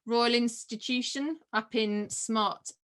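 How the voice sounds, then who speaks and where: A woman's voice: on the high side, slow pace. A woman, a mother, guest on a podcast, telling a personal story casually and acting out remembered dialogue. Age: adult with children. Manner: animated, acts out remembered dialogue.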